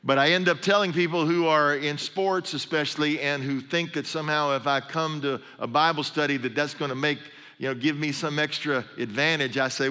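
A middle-aged male pastor preaching, his voice bright and forceful. He tells stories in a loose, conversational way with humorous asides. A long reverb trails each phrase, as in a large hall. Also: a little high, steady tone, fairly quick, few pauses, smooth. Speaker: pastor and sports chaplain. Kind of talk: sermon.

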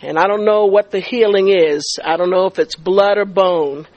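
A woman's voice: medium pitch, moderate pace, muffled recording. A middle-aged woman giving a faith testimony and teaching, telling her story vividly and acting out the dialogue. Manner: animated storyteller who acts out dialogue and stammers in excitement. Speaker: speaker teaching a faith group.

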